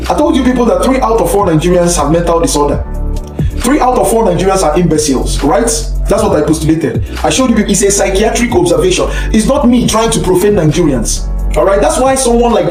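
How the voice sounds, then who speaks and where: A man's voice: sits high, expressive, fast, a little mellow. A man ranting in a scornful, preachy commentary video. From Ghana. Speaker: social media commentator. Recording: echoey room with faint music.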